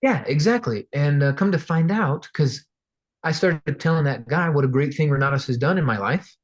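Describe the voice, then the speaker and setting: A man's voice: on the high side, normal speed. A man teaching real estate investing in a casual storytelling way, talking conversationally and acting out voices of the people in his anecdotes. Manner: animated, acts out quoted voices; conversational with fillers and restarts.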